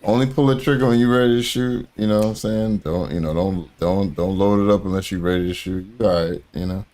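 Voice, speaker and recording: A man's voice: deep voice, a little fast, a little mellow. A man hosting a casual chat, telling loose, profane stories with lots of fillers. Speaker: host.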